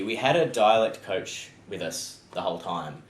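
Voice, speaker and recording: A man's voice: deep voice, lively intonation, moderate pace. A young Australian man, an actor being interviewed, answering casually and easygoingly with frequent ums. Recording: echoey room with faint noise.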